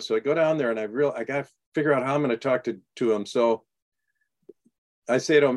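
A man being interviewed as an author, telling animated stories and acting out the dialogue. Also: mid-range voice, fairly quick. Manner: animated anecdotes, acts out quoted dialogue. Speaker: guest author. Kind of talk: storytelling in a radio interview.

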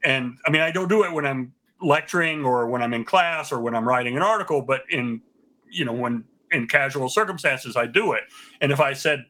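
A man from the American South, a linguist guest calmly explaining things with many pauses on a radio talk show. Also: medium pitch. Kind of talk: radio interview.

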